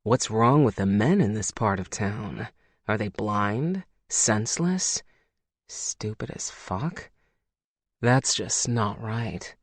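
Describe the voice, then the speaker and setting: Brief: narrator puts on a hushed, husky-low werewolf man, slow and seductive, dry studio sound. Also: lively intonation, dry recording, heavily acted. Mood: low, teasing. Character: lustful man, a werewolf lover.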